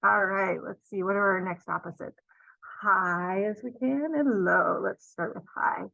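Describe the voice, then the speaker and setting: A woman leading a children's storytime, gently encouraging kids and singing along. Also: mid-range voice, a little slow, creaky, no echo, lo-fi sound.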